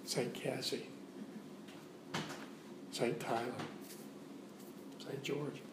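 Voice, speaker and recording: A man's voice: mid-range voice, little pitch movement, drawn-out words, echoey room, heavy background noise. A man giving a sermon as a guest preacher in a church, preaching in a conversational way and repeating phrases for emphasis. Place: church sanctuary.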